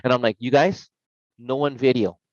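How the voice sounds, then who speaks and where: A middle-aged man spins casual stories on a podcast and acts out each voice he quotes. His voice sits at a middle pitch. The recording is dry and a little dull. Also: steady tone, moderate pace, no room sound. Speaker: podcast guest. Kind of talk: casual storytelling.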